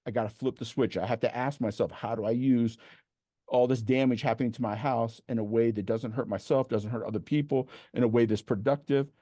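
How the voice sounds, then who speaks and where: Passionate man telling stories, mellow voice. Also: mid-range voice, fairly even intonation, a little fast, dry recording, studio quality. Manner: passionate, builds to emphatic lists, laughs mid-sentence. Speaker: motivational speaker at an online event. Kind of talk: energetic storytelling talk. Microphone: video call.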